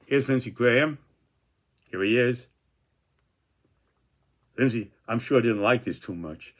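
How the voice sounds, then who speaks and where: A man talks viewers through his own political cartoons in an unscripted, meandering way. He circles back, restarts sentences and leans on fillers as he goes. His voice sits at a middling pitch. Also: takes it slowly. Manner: rambling, many restarts and fillers. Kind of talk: casual commentary on political cartoons.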